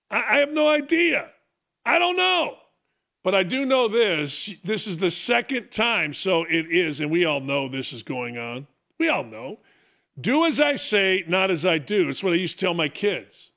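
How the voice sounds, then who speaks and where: A man's voice: a little high, creaky, bright, forceful tone. A middle-aged man hosting a sports talk show, ranting in an opinionated monologue, mocking himself and hammering rhetorical questions.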